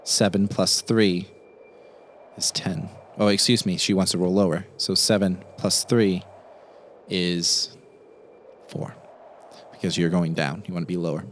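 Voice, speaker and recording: A man running a tabletop horror game, narrating scenes quickly and vividly. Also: low-pitched, steady tone, a little hiss or hum. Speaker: game master.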